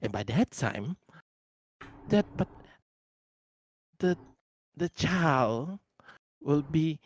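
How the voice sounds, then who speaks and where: A woman playing a tabletop role-playing game, describing her character's actions in a halting way and often restarting her sentences. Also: sits low, sing-song, a little mellow, no echo. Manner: halting, repeats herself, laughs at her own ideas. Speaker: player.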